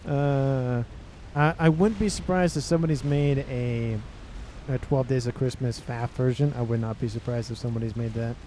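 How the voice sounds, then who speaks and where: A man's voice: mid-range voice, fairly even intonation, normal speed, mellow, slight background noise. A man casting a strategy game match in a casual, chatty way, joking, laughing and repeating phrases for emphasis. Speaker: game commentator.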